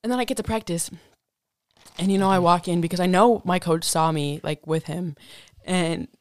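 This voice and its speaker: A woman's voice: lowish voice, moderate pace, darkish tone. A young woman telling a college story in casual chat, swearing often and full of fillers. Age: young adult.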